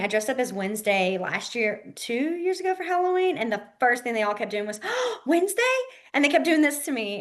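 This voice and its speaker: Woman, teacher, relaxed classroom talk, chatty with many fillers, repeats words slowly. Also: medium pitch. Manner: frequent fillers like "like" and "um". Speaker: sign language teacher. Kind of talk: casual classroom instruction. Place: library classroom.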